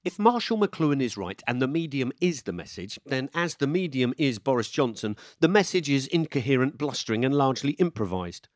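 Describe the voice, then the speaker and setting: Measured male documentary narrator. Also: medium pitch, sing-song, dry recording, clean studio sound. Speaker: radio documentary presenter. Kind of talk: scripted narration.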